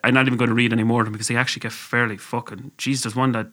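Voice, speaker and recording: A man's voice: medium pitch, flat delivery, rapid-fire, fairly bright tone. A young man co-hosting a casual podcast, swearing freely and laughing as he talks. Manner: swears freely, laughs through his reading. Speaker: podcast co-host.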